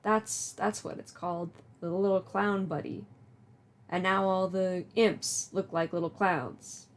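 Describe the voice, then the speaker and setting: A woman's voice: fairly low pitch, measured pace. A woman streamer reading a webcomic aloud, with chatty, self-deprecating asides. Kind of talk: casual live reading with commentary.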